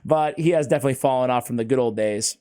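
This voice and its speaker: A man hosting a casual gaming chat, excitable and laughing often, talking like he's with a buddy. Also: mid-range voice, fast, clear, resonant tone. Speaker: host.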